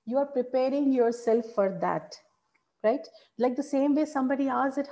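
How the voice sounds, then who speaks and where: A woman teaching public speaking in an online workshop, animated and encouraging, asking her audience questions. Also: high voice, normal speed.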